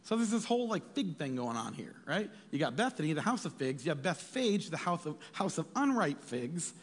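A male pastor preaching in a lively, animated way, his voice swinging up and down. He sits a bit high for a man and acts out the voices in his text. The sound rings with a long echo, as in a big hall. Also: brisk. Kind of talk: sermon.

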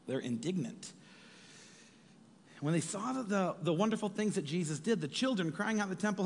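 A male pastor preaching in a lively, animated way, his voice swinging up and down. He sits a bit high for a man and acts out the voices in his text. The sound rings with a long echo, as in a big hall. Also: fairly quick, slightly rough. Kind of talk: sermon.

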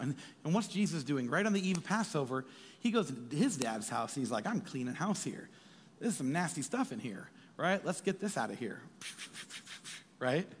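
A man preaching a sermon as pastor, animated and jokey, slipping into quick acted asides. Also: on the high side, a little hiss or hum. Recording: reverberant hall.

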